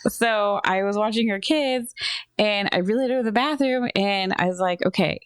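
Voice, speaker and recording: A woman in her thirties co-hosting a podcast, telling stories casually, quickly and with frequent giggles. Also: medium pitch, smooth, no room sound. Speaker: podcast co-host. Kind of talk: casual chat.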